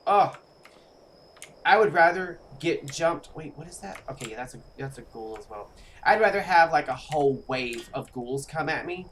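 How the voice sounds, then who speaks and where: A streamer giving live gameplay commentary in a chatty way, speaking straight to viewers and reacting with animated outbursts. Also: mid-range voice, moderate pace, slight background noise. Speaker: game streamer.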